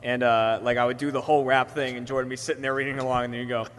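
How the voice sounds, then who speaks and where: A man's voice: mid-range voice, little pitch movement, very fast, a bit bright. A man from Boston telling a laid-back story on a podcast panel, laughing along. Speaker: podcast co-host. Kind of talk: casual panel chat. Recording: reverberant hall with faint noise.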